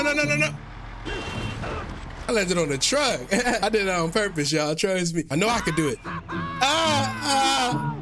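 A man giving casual, excitable gameplay commentary, loud and profane, with plenty of slang. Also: high voice. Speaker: gaming YouTuber.

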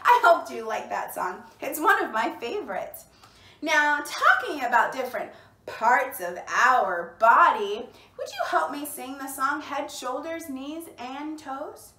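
A woman's voice: sits high, big pitch swings, unhurried, bright, forceful tone, roomy sound. A woman hosting a bilingual children's storytime, cheerful and encouraging, who asks the children to repeat words after her while she sits indoors. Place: indoors, seated.

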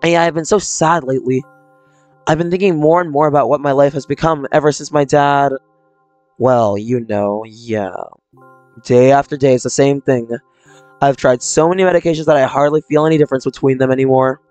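A man's voice: mid-range voice, brisk, a little mellow, clear, resonant tone, no room sound, close to an everyday voice. A man reading aloud the lines of a troubled young person with mental illness from a visual novel, in a subdued, confessional way. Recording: dry close mic, faint game music.

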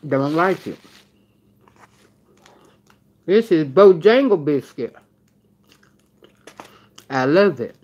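A woman's voice: low voice, expressive, very slow, long pauses, a little mellow, dull audio. A woman vlogging in a casual live stream while eating, chatting straight to her viewers.

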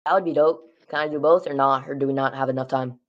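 A man's voice: mid-range voice, steady tone, fast. A man from California, a guest rapper chatting loosely, laughing and swearing, short of breath after rapping. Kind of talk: casual chat between freestyles. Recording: dull lo-fi mic with faint hiss.

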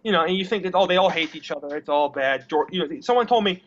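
A man's voice: a little high, lively intonation, quick pace, slight background noise. A young man in a casual interview, rambling and blunt, who swears and repeats his words. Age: young adult. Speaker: interview guest. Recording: dull lo-fi recording.

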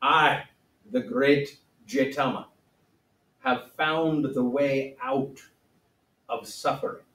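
A man's voice: mid-range voice, fairly even intonation, takes it slowly, long pauses, fairly bright tone. A man voicing a solemn, wise ancient male sage in a put-on accent with broken grammar, teaching a playful lesson. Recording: roomy echo, mic at a distance.

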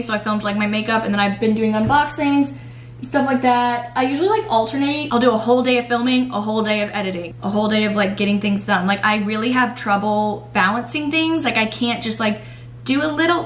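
A woman's voice: on the high side, a little hiss or hum. A young woman vlogging casually at home at night, rambling with lots of fillers and the odd swear word. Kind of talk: casual vlog chat.

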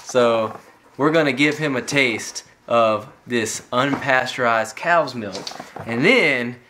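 A woman's voice: a bass voice, slow, a bit bright. A woman talking casually to the camera in a home kitchen, explaining things in a folksy way. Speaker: parent vlogger. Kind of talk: casual home video talk. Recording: camera autofocus noise in the background.

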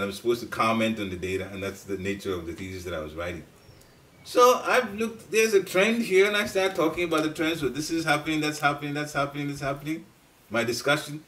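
Middle-aged man giving a devotional talk, mic at a distance. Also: a bit bright. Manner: storytelling, with laughs and sudden jumps in pitch. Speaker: speaker at a devotional study group. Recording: voice picked up from a distance.

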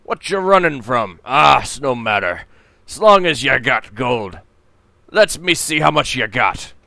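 A man's voice: mid-range voice, very animated, measured pace, creaky, bright, forceful tone, dry recording, full character voice. A man voicing a drunken, greedy male pirate captain in a video game playthrough, with a boisterous pirate growl. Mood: wheedling.

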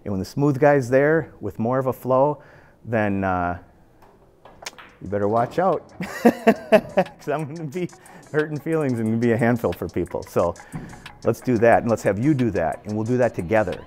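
A man's voice: medium pitch, animated, moderate pace, long pauses, darkish tone, soft background music. A man in his fifties giving a casual, earnest pool lesson, repeating phrases as he demonstrates his stroke. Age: 50s. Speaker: pool instructor. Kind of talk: casual instructional talk. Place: billiard club.

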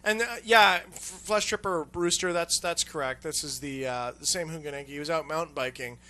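A young male radio host with a high, bright voice tears into a profane, fast-moving rant in the studio. He swears freely and slips into mocking voices for the callers he complains about. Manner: ranting, swears constantly, acts out annoyed callers.

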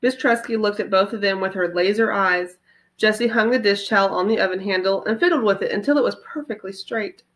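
A woman, a teacher, reading a children's chapter book aloud with expressive storytelling. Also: mid-range voice, a little fast.

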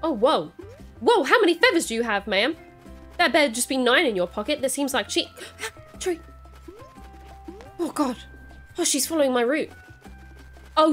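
Excitable high-voiced woman gaming. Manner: excitable, squeals and panics, laughs often, repeats herself. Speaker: gaming YouTuber. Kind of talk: first-time let's play commentary.

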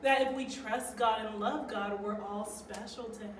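A woman gently explaining a Bible lesson to children as a guest on a program. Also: mid-range voice, steady tone, normal speed. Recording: roomy and distant with background noise.

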